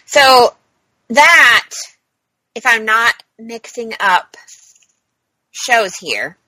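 Bright, chatty woman podcast host. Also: a little high, animated, drawn-out words, no echo, low-quality recording. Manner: chatty, rambling, laughs easily. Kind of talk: casual TV chat.

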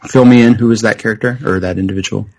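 A man's voice: fairly low pitch, steady tone, fast talker, a little mellow, rough recording. A man hosting a podcast, chatting casually and rambling with frequent restarts. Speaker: podcast host. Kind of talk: casual chat.

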